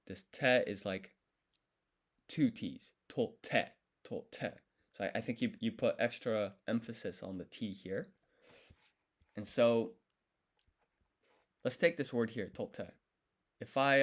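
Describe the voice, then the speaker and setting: On a live stream, a man studies a language, thinking out loud as he slowly sounds out syllables and corrects himself along the way. His pitch sits fairly low.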